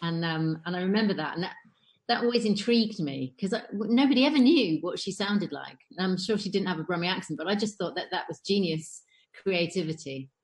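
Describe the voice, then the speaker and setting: A woman's voice: fairly low pitch, animated, brisk. A woman, an impressionist guest, chatting in an interview with a hesitant, giggly manner. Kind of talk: casual interview chat.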